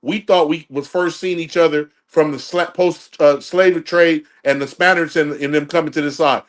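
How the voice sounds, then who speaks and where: Man, from the US, debate, insistent, lecturing, fairly high voice. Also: fairly even intonation, normal speed. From United States. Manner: insistent, lecturing, talks over others. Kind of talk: debate talk.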